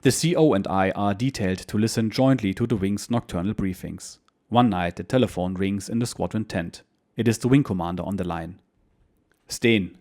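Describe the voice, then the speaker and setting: Measured male memoir narrator, lowish voice. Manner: steady, measured reading. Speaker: narrator and channel host. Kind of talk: reading a war memoir aloud.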